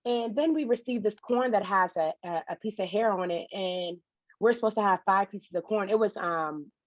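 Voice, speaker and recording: A woman's voice: mid-range voice, normal speed, no room sound. Blunt woman on a dull, dry line. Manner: blunt, swears casually, acts out phone calls. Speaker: podcast co-host. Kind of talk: casual storytelling chat.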